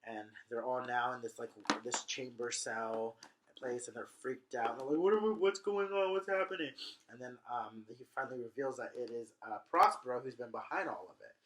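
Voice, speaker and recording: A man's voice: mid-range voice, steady tone, moderate pace, pushed and bright. A man casually retelling a play for laughs, rambling and chatty with slangy asides. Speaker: host.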